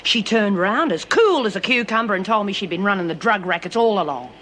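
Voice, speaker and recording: An actress playing a shrewd, embittered former inmate leader, blunt and weary. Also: female voice, medium pitch, animated, fairly quick, fairly bright tone, a little hiss or hum, lightly acted. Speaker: prison inmate.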